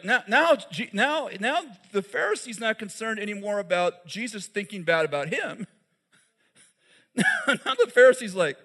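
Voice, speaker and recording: Male preacher, high voice, chatty sermon, asks the crowd questions, chuckles at his own jokes. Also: a bit bright. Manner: conversational, asks the audience questions; many fillers and restarts, laughs at his own jokes.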